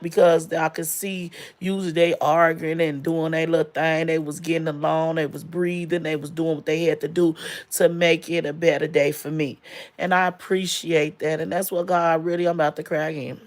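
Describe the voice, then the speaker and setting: A woman's voice: low-pitched, flat delivery, moderate pace. A woman in her forties telling a personal story in a casual, emotional way, with many fillers, close to tears. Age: 40s.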